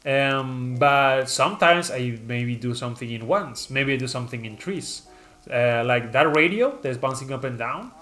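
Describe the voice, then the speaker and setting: A man's voice: medium pitch, animated, normal speed, bright, forceful tone. A man chatting casually on a live stream, reading viewer comments aloud and rambling with many fillers and restarts. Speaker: streamer presenting his channel mascot.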